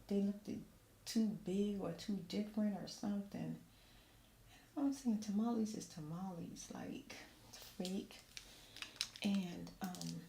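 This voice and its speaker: Soft-spoken woman, echoey room. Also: medium pitch, creaky. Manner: animated storytelling, drops into whispers. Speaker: ASMR creator. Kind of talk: soft-spoken storytelling chat. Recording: roomy echo, faint ambient noise.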